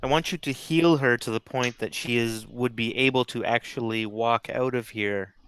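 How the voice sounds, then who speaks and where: Man, tabletop player, hesitant, crisp bright voice, dry sound. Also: mid-range voice, moderate pace, no echo. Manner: hesitant, plain-spoken. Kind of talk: playing a tabletop game.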